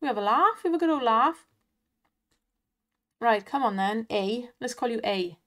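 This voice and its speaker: A chatty Welsh woman with a fairly high voice talks through slot spins in a loose, casual way. She laughs often and urges the reels on. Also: lively intonation, normal speed, a bit bright. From Wales. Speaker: online slots streamer. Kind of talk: casual chat and commentary over gameplay.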